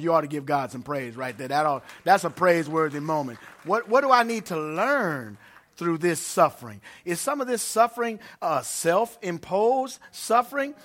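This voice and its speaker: A male pastor delivers a sermon in a church, his voice pitched high and strikingly bright. He preaches with emphasis and grows loud when he reads scripture. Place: church before a congregation.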